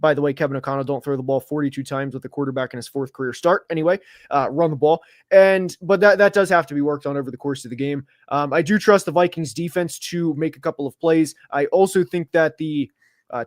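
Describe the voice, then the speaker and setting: A man co-hosting a casual football podcast, talking fast with lots of fillers and getting openly worked up about play calls while seated. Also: a little high, dry recording, studio quality. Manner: animated, gets worked up, many fillers. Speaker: podcast co-host. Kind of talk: casual sports podcast analysis. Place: seated at home studio.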